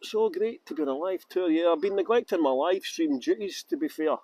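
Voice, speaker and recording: A man's voice: on the high side, expressive, fairly quick, a little mellow, poor audio. A man giving a live-streamed outdoor walking tour, chatty and jokey. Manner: chatty, jokey, breaks into song and silly voices. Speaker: tour guide. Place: outdoors by a river in the rain.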